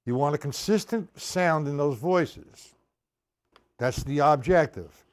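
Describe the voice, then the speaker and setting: A man's voice: a little high, takes it slowly. A man teaching a drum lesson, explaining patterns step by step and counting sixteenth notes aloud. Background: drum kit playing.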